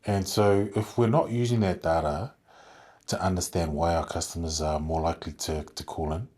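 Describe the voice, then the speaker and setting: A man with a low, husky voice, talking as a guest on a podcast interview. He thinks aloud, circling back through fillers and restarts as he explains his work leading a contact centre. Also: fairly even intonation, moderate pace, a little mellow. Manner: thoughtful, rambling with many fillers and restarts.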